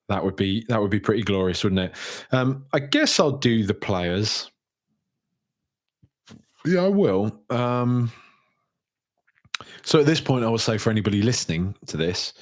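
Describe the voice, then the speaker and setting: Young male podcast host, casual and rambling, slightly low voice, reads viewer comments aloud. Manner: chatty, rambling, frequent fillers and restarts. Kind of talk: casual solo podcast, reading viewer messages.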